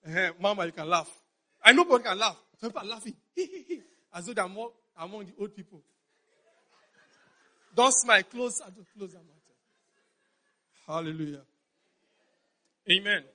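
A man's voice: high voice, pushed and bright, low-quality recording. A middle-aged Nigerian man with a Nigerian accent, preaching a sermon in an emphatic, repetitive way and often checking that his congregation understands. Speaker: pastor.

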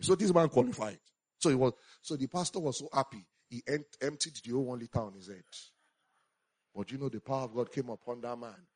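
Male pastor, preaching with energy, rising exclamations and hushed asides, slightly high pitch. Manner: animated preaching, swinging between loud exclamations and quiet asides. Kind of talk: sermon.

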